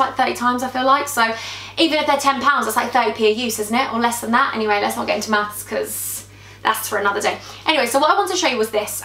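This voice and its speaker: A young woman talks through a makeup tutorial in a gossipy, animated way, her voice sitting a little high. She sounds close to the camera mic in a room that gives a clear echo. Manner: gossipy, animated storytelling while applying makeup. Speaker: beauty vlogger. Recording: echoey room.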